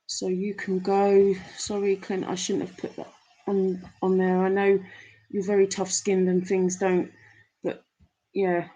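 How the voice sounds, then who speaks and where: A woman's voice: mid-range voice, completely flat delivery, measured pace, warm tone, lo-fi sound. A woman hosting a live stream, chatting casually and affectionately to viewers as she reads their messages, rambling with fillers. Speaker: livestream host reading chat.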